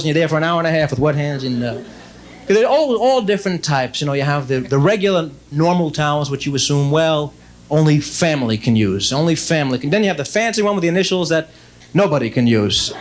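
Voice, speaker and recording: A young man performs stand-up on stage, his voice pitched high and lively. He talks in a chatty rush, breaking into his own sentences with quick asides. The old broadcast tape carries a faint hiss. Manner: chatty, quick asides with frequent self-interruptions. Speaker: stand-up comedian. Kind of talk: stand-up routine. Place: stage before a laughing audience.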